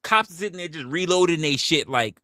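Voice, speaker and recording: A man's voice: a little high, expressive, normal speed, sharp tone, no echo, clean studio sound. A man hosting a livestream, talking in a casual rant full of rhetorical questions, profanity and stammered restarts. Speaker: livestream host.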